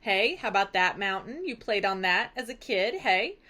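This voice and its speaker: A woman voicing a motherly goddess who gently prompts with questions. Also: mid-range voice, very animated, moderate pace, pitched below the performer's own voice. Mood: coaxing.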